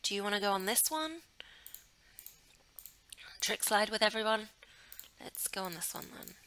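A woman's voice: medium pitch, expressive, normal speed, sharp tone, a little hiss or hum. A young woman casually commenting while playing a life-sim game, chatty and giggly and gushing over what she sees. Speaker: gaming channel host. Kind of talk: casual let's play commentary.

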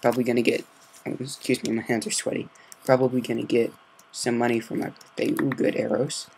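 A man hosting a game let's-play, talking in a hushed, low-key and rambling way, with a slight sore throat. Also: flat delivery, a little fast, vocal fry. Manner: quiet, low-key, meandering. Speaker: gaming video host.

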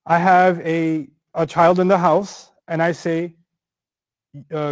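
A middle-aged man teaching a scripture lesson in a conversational, animated way, acting out everyday examples. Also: on the high side, takes it slowly, no room sound. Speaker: Quran teacher. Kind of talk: explanatory lecture on scripture.

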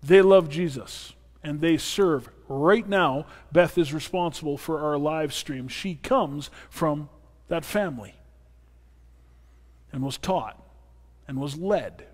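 A man's voice: a little high, slow. A man preaching a sermon as pastor, earnest and personal with playful asides. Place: church sanctuary. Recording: long reverb of a church hall.

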